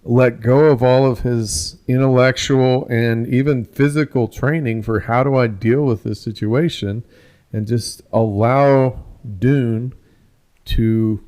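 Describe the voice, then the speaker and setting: A man co-hosting a film podcast, talking in a slow, thoughtful and reflective way with some restarts. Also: mid-range voice, fairly even intonation, a little mellow. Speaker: podcast co-host. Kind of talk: casual film discussion.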